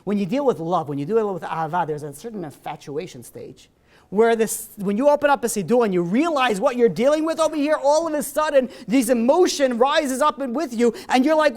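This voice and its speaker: A man's voice: extremely high pitch, a little fast. A man preaching as a rabbi in a synagogue, speaking casually rather than formally. He tells anecdotes and slips in and out of the voices of the people in them, with plenty of everyday fillers between his points. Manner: animated storyteller, voicing characters in dialogue; conversational with frequent fillers. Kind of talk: holiday sermon with acted-out anecdotes.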